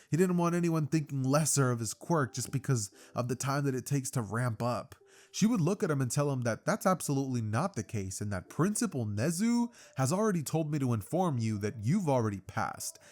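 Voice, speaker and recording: Casual man retelling a fan story. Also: medium pitch. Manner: casual, slangy, energetic retelling with fillers.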